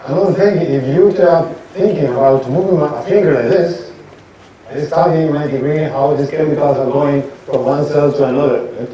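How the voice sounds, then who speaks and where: A man's voice: fairly high pitch, moderate pace, warm tone, a little hiss or hum. A man, a doctor, explaining ideas step by step and often checking in with "right?". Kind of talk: explanatory talk. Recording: very echoey room, distant mic, faint ambience.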